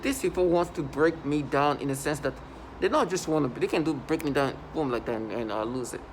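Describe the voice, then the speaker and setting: A man's voice: on the high side, expressive, fairly quick, slight background noise. A man talking to his camera in an agitated, indignant monologue, stopping and restarting often. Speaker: vlogger.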